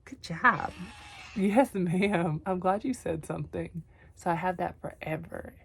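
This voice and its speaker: A young woman talking tenderly to herself on camera in a vlog, soft and often whispery, teary, her voice going hoarse. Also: on the low side, unhurried. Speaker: vlogger. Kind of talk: emotional self-talk to camera.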